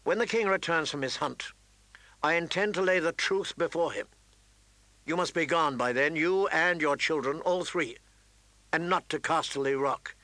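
Narrator as a grave, dry-spoken lord, bright and close. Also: male voice, fairly high pitch, normal speed, dry recording, voice pushed up. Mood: stern. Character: stern honorable nobleman, grave lord.

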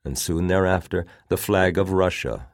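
A man narrating an audiobook in a steady, measured reading. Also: deep voice, dry recording, studio quality.

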